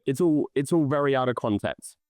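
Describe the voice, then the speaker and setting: A British man hosting a podcast in casual chat, rapid and full of restarts. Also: mid-range voice, animated, a little mellow, no echo, clean studio sound. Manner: quick, restarts phrases often. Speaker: podcast host.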